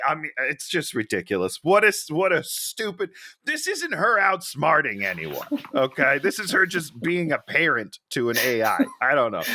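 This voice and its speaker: A man in casual podcast banter, his voice bright and a little high, swooping up and down as he rants in disbelief about what he's watching. He talks right into a close mic in a dry, deadened room. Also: no echo. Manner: animated, incredulous ranting with frequent laughs. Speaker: podcast co-host. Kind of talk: casual comedic movie review chat.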